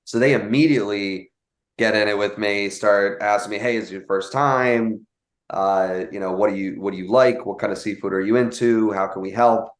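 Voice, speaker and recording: A young man telling a casual story, animated, with many fillers and quoted voices. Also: on the low side, normal speed, reverberant. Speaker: guest telling a sales story.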